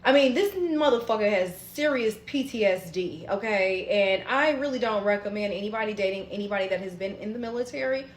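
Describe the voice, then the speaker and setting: A woman telling a personal story in a casual, animated way, swearing often and talking straight to her viewers. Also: medium pitch, a little fast, hardly any pauses, reverberant, slight background noise.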